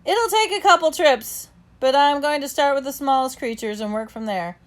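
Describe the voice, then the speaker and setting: A woman voicing a slow, deliberate, kind male gorilla in a storybook reading. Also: sits high, pitched above the performer's own voice, close to an everyday voice. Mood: calm.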